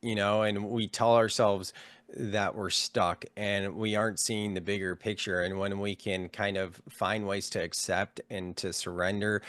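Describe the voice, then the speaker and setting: A man's voice: low-pitched, fairly bright tone, no room sound. A man hosting a podcast interview, affirming his guest and talking with enthusiasm. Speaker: podcast host. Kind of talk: interview conversation.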